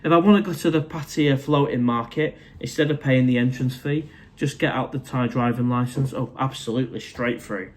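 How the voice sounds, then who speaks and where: A man's voice: medium pitch, fairly quick, hardly any pauses, darkish tone. A middle-aged man from Manchester with a Mancunian accent, chatting casually on a live stream from his condo and answering viewers' comments in a matey way. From Manchester, England. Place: condo indoors.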